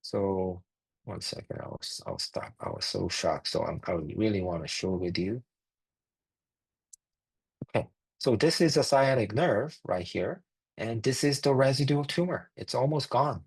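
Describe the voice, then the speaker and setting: Gravelly-voiced man presenting medical cases. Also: lowish voice, lively intonation, measured pace, poor audio. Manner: plain, thinking aloud with frequent fillers. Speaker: physician lecturer.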